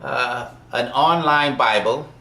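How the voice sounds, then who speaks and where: A man who works as a software developer tells a work story in a loose, rambling way, with many fillers and small chuckles. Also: mid-range voice, slow pace, echoey room. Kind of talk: casual storytelling.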